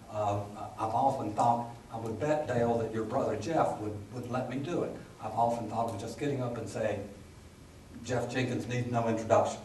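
A man's voice: medium pitch, a little mellow, recorded from a distance. A man giving a Bible lecture in a conversational way, with lots of fillers, restarts and dry humorous asides. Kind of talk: classroom lecture. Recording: roomy, from the mic, faint hum.

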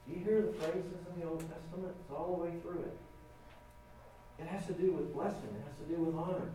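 A middle-aged man preaching a sermon in a conversational, animated way, acting out quotes with humor. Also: fairly high pitch, fairly quick, far from the mic, a little hiss or hum. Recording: roomy echo from off-mic, faint ambience.

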